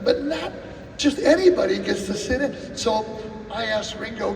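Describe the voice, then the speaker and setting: At a live drum clinic, a male drummer tells lively anecdotes, playing the characters, acting out quotes and singing drum cues. His high, creaky voice comes at a moderate pace, captured by a distant mic in a roomy, echoing hall with faint music and slight hiss or hum.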